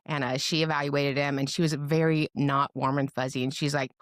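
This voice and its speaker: A woman's voice: deep voice, brisk, hardly any pauses, no echo, studio quality. A middle-aged woman, a podcast guest and advocate, telling her story with humor and acting out the people she quotes. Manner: lively storyteller who acts out quoted voices with humor. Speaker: guest, special education advocate. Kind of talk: personal storytelling in a podcast interview.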